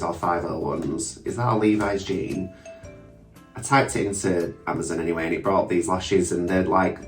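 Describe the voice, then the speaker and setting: A man's voice: low-pitched, reverberant, far from the mic. A young man, chatting casually and mockingly about himself through a drag makeup tutorial, with sweary asides. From England. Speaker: drag queen vlogger.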